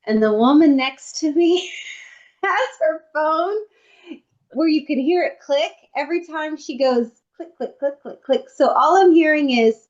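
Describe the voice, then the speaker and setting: Higher-voiced woman telling a comic story. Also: lively intonation, measured pace, highs cut off. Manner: comic storytelling, acting out her own inner thoughts. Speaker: podcast co-host. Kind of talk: casual chat. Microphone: computer microphone on a video call.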